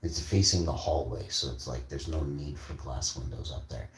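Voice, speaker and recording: Very low-voiced man ranting profanely. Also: normal speed. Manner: profane, rambling, boastful. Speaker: vlogger. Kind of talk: casual storytelling rant. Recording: echoey room, faint background noise.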